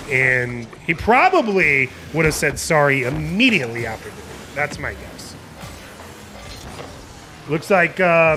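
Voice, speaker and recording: A man's voice: a little high, bright, forceful tone. A young man casting a live video game match with playful, jokey play-by-play over background music. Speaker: esports caster.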